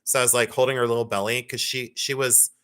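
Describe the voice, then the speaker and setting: A middle-aged woman hosting a live sale stream in a playful, rambling way. Her voice is bright and forward, and she pokes fun at herself. She talks casually to her viewers. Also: extremely low pitch, level tone, fast. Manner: chatty, self-mocking, playful. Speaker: livestream jewelry sale host. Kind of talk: casual livestream chat.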